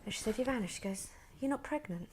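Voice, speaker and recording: A woman's voice: a little high, expressive, quick pace, breathy edge. A woman who is a podcast guest, vividly retelling a personal story and acting out the people in it. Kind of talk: personal conversation.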